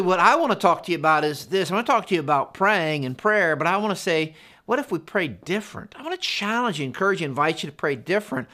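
Pastor, middle-aged man, lively sermon delivery, bright, slightly high voice. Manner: animated, conversational preaching with acted asides.

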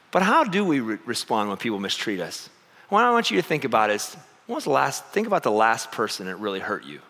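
A middle-aged male pastor preaching a sermon, telling personal stories with animated, self-deprecating humor and acting out voices. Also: medium pitch, long reverb tail.

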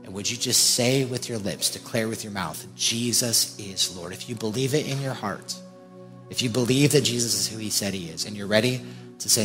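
Pastor guy preaching hard, low voice, repeats himself, big echoey church w/ soft music under. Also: fairly quick. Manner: fervent, repetitive, emphatic. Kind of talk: sermon altar call. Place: large church hall with congregation. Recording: reverberant church hall with faint music.

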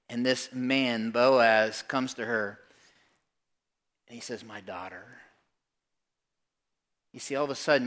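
A man preaching a sermon, retelling a Bible story with animated asides and dropping to a soft hush for tender moments. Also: medium pitch. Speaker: pastor.

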